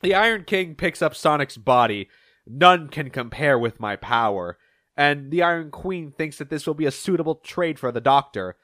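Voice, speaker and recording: A young man recaps comics with lively energy, jumping in and out of character voices as he reads their lines. His voice sits a touch high for a man, and it is recorded close and dry with almost no room sound. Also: moderate pace, no echo. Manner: animated, acts out characters' lines in shifting pitch. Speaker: podcast host. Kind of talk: comic recap reading with quick voiced quotes.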